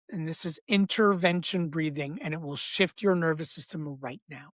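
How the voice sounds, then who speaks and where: A man who works as a breathwork coach, explaining in a podcast interview with an emphatic, repetitive teaching cadence and an animated delivery. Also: on the high side, unhurried, pauses often, dry recording. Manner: animated, acts out inner voices.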